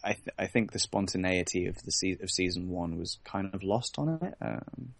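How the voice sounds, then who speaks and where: A man co-hosting a podcast in casual chat, retelling scenes in an animated way. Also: low-pitched, moderate pace, creaky, no echo. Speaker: podcast co-host.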